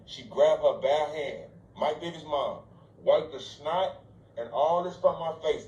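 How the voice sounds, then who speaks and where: A man's voice: on the high side, a little slow, darkish tone, roomy sound, muffled recording. A man telling a personal story casually on a live stream, emotional and profane, often speaking straight to his listeners.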